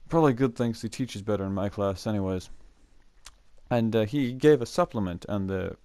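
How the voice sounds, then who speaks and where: A man's voice: lowish voice, a little fast, dark tone, no room sound. A young man hosting his own show, telling rambling school stories to the camera with many fillers and chuckles. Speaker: student storyteller, show host. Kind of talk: casual storytelling to camera. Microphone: mic that cuts out.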